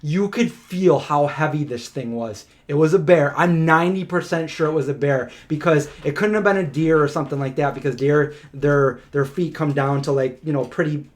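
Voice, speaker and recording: Brief: male co-host, slightly higher voice, animated casual storyteller, loose and chatty. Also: normal speed, hardly any pauses. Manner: animated, chatty, many "like" fillers. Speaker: co-host of a live Q&A stream.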